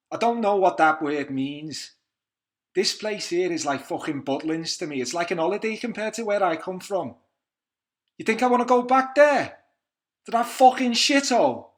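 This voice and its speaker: A man voicing an angry, defiant young male prisoner who swears bitterly and shouts. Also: high voice, animated, unhurried, voice pushed up. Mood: furious, bitter.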